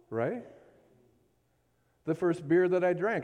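Slightly high and mellow, this man's voice swings widely in pitch as he preaches a little slowly, pausing often. His sermon is emphatic and fervent, full of calls for amens and rising to impassioned peaks.

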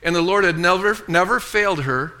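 A man preaches a sermon with a very bright, ringing tone. His voice sits a little high, and he keeps drawing the congregation into call-and-response. He reads scripture in a lower, softer voice. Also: a little fast. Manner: preaching with call-and-response, frequent "amen" and "okay". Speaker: pastor.

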